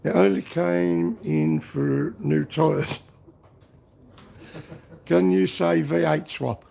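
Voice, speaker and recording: Gravelly slow-talking Liverpool man. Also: fairly high pitch, very animated, dark tone. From Liverpool, England. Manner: jokey, breaks into snatches of song. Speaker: livestream host reading chat. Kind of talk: casual livestream chat. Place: garage workshop.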